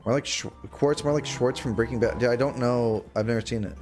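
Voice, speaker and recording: A young man livestreaming a game, chatting to his viewers in a rambling way and bursting into mock-outraged shouts. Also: mid-range voice, fairly quick, soft background music. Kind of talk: casual gaming livestream chat. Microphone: desk microphone.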